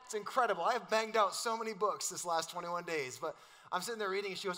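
A middle-aged pastor, preaching in a loose, joking, conversational way. His voice sits high for a man and rings bright and forceful. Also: fast. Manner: casual, joking, storytelling with quoted voices. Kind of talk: sermon.

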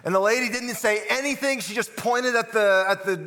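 A man's voice: extremely high pitch, a little fast, sharp tone, in a large hall. A man preaching a sermon as a pastor, telling a story and asking listeners rhetorical questions. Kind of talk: sermon podcast.

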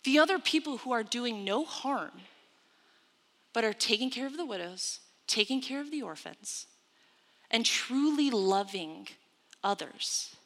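A woman's voice: fairly high pitch, expressive, measured pace, fairly bright tone. A woman preaching a sermon, retelling scripture with emphatic storytelling and quoted asides. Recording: long hall reverb.

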